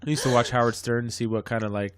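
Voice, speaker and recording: A man's voice: medium pitch, fairly even intonation, racing, crowd noise. A man co-hosting a casual podcast, rambling and swearing freely, often losing his train of thought. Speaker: podcast co-host. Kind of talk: casual chat.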